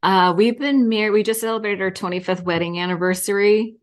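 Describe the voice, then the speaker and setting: A woman's voice: mid-range voice, fairly even intonation, fairly quick. A woman in her fifties, a podcast guest in casual interview chat, telling candid stories and laughing often.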